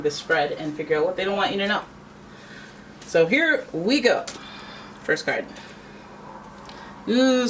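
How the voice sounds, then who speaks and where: A woman giving a casual tarot reading to camera, chatty and playful, often jumping into asides and making her voice jump up on exclamations. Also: slight background noise. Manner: animated, pitch often jumps up on exclamations. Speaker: tarot reader.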